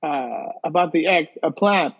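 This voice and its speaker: A man's voice: on the high side, steady tone, moderate pace, breathy edge, dull audio. A man co-hosting a comedy podcast, telling stories in a playful, laughing manner. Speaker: podcast co-host. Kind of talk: casual comedic chat.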